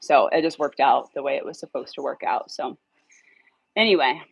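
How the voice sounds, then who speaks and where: A woman casually telling a dog rescue story, animated, swearing now and then and acting out her own lines. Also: moderate pace, vocal fry, husky, no room sound, low-quality recording. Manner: animated, acts out her own dialogue in a higher voice; swears casually when irritated.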